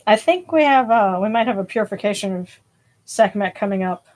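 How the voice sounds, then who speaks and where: A woman, husky and a bit out of breath, hosts a casual livestream. She rambles warmly through fillers and restarts at a middling pitch. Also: expressive, fairly quick. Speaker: host of a spiritual livestream.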